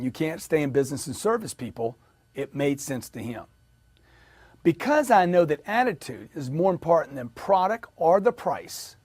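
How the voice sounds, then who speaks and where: Middle-aged male sales coach, punchy and animated, fairly high voice, dry close sound. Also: dry recording. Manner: emphatic, acts out customer dialogue. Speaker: sales trainer. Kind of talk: motivational sales talk.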